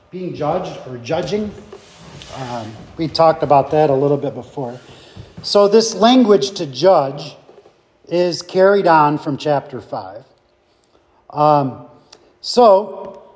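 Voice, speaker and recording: Slow, halting man leading Bible study. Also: a little high, a little mellow, big-room sound. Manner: slow, halting, with many fillers and restarts.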